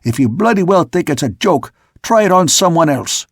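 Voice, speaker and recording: Brief: man voicing a hot-headed deckhand, gravelly and raised, shouting curses, husky edge. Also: on the high side, moderate pace, no room sound, studio quality, pitched above the performer's own voice. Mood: angry. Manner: shouting, swearing. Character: rough quick-tempered male sailor.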